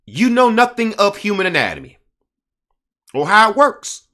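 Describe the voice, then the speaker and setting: A man's voice: sits high, big pitch swings, moderate pace, sharp tone. A man giving indignant casual commentary, hammering his points with repetition and reading passages aloud from an article.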